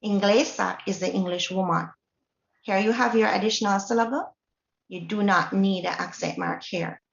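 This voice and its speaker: A woman's voice: mid-range voice, normal speed, creaky. Jamaican woman teaching a Spanish lesson. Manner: explanatory, checks in with the class. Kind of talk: classroom lesson. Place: classroom or workshop hall. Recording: roomy, dull lo-fi recording.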